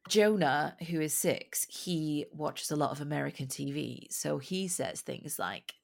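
A woman's voice: sits low, expressive, a little slow, gravelly. A woman with a mild Scottish accent, co-hosting a podcast in casual, chatty talk and laughing often. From Scotland. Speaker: podcast co-host. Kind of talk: casual chat.

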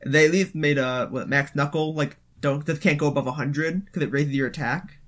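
A man co-hosts a laid-back gaming podcast and talks animatedly, full of filler words. His voice sits somewhat high for a man. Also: normal speed. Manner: animated, lots of fillers like "it's like". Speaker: podcast co-host. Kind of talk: casual gaming podcast chat.

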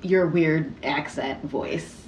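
A woman's voice: low voice, takes it slowly, echoey room, crowd noise. A woman co-hosting a mystery podcast, giggling and teasing her co-host in casual chat.

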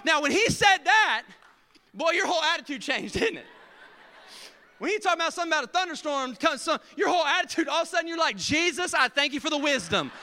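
A man's voice: very high-pitched, expressive, fast, bright, forceful tone, long reverb tail. A male pastor preaching a sermon, telling stories animatedly and acting out the scenes.

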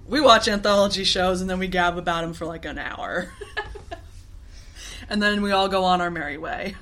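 Casual woman co-host, laughs a lot, crisp bright tone. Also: lowish voice, moderate pace, a little hiss or hum. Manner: giggly, rambling, swears casually. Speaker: podcast co-host. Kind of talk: casual chat.

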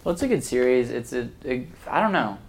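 A man's voice: medium pitch, expressive, fairly quick. A young man co-hosting a podcast, chatting in an easygoing, encouraging way and asking the guest questions. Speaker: podcast co-host. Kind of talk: casual chat.

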